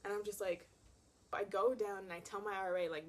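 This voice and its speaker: A woman's voice: mid-range voice, brisk, a little hiss or hum. A young woman vlogger telling a personal story in a dramatic, casual way, with lots of "like". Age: young adult. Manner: animated and dramatic, heavy use of "like".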